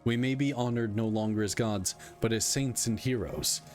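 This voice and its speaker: A man reading aloud the lines of a weary male god-king who speaks dryly and candidly, in a plain, measured voice. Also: mid-range voice, darkish tone, faint music behind, lightly acted. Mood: solemn.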